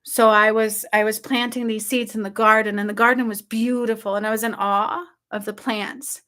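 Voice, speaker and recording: Bright, excitable woman retelling a dream. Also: a little high, normal speed. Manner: excited, breathless storytelling with frequent "like" and "okay?". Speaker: spiritual channel host. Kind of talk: casual dream retelling to viewers.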